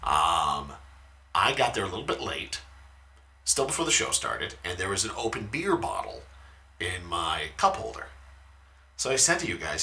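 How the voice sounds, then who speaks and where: A man in his thirties spins a long, funny story in a relaxed podcast chat, his pitch leaping all over the place. His tone is bright and forward, he swears freely and he yells out quoted lines. A faint hiss sits under the voice. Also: moderate pace, gravelly. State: talking quietly at times because his wife sleeps.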